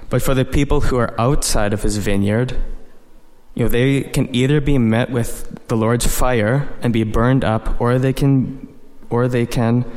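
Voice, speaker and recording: An earnest man delivering a sermon at a middle pitch, walking his listeners through scripture verse by verse. His voice carries a long reverb tail, as if recorded in a large hall. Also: darkish tone. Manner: earnest, explains verse by verse with frequent "you know". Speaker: preacher.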